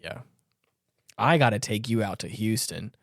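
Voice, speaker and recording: A man's voice: fairly low pitch, animated, measured pace, vocal fry, dry recording, studio quality. A man co-hosting a podcast, chatting casually, rambling with many stammered restarts and frequent laughs. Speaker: podcast co-host. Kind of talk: casual chat.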